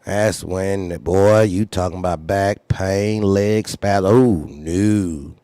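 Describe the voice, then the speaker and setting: A man's voice: deep voice, takes it slowly, dark tone, dry recording. A man who runs a trucking company, candidly telling a story in a blunt, profane way and repeating phrases for emphasis. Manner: acts out others' lines in raised voice.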